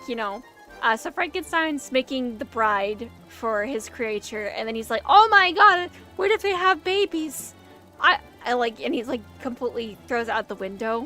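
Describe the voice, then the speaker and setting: A young woman casually chatting while reacting to a silent film, rambling excitedly and filling her talk with "like". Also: fairly high pitch. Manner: rambling and excitable, heavy use of "like".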